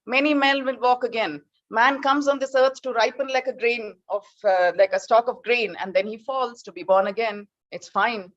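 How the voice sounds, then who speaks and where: A woman voicing an earnest young boy who calmly reasons with his father. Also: a little high, moderate pace, few pauses, lo-fi sound, voice pushed up, close to an everyday voice. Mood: resigned. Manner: gently reasoning, wry.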